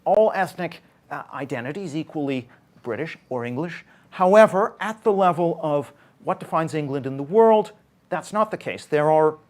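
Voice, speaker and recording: A Canadian social scientist speaks as a panelist at a public debate event, explaining things earnestly and often correcting himself mid-sentence. His voice is a little high and darkish in tone, with lively intonation and a moderate pace.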